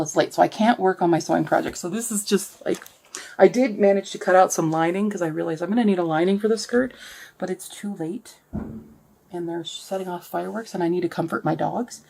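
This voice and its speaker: A woman with a slightly low voice chats casually to camera as a vlogger. She rambles from thought to thought and often trails off before picking the idea back up. Her tone stays loose and unscripted. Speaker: book and craft vlogger. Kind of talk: casual vlog chat.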